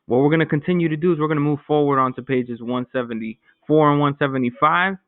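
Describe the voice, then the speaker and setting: A man with a somewhat high voice walks his beginner students through a Spanish lesson, breaking each step down and tossing in light jokes. The sound is dry with no room echo and thin, like a phone line. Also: quick pace, clear, resonant tone. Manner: casual, joking, explains step by step. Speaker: Spanish teacher. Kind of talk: recorded remote language lesson.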